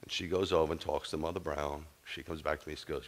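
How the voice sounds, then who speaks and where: A man preaching a sermon as a rabbi, telling a story with humor, moving from quiet asides to loud punchlines. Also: rumbling low, steady tone, fast talker, few pauses.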